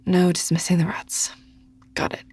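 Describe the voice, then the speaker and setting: An audiobook narrator voicing a blunt young female orc agent who speaks briskly, often in a hushed voice. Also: lowish voice, gravelly, husky. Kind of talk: audiobook character voice.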